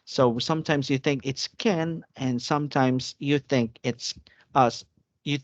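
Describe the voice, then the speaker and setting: Slow-talking man tutoring online. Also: mid-range voice, no room sound. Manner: halting, repetitive explaining with light laughs. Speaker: English tutor. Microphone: computer mic on a video call. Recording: dry, dull video call audio.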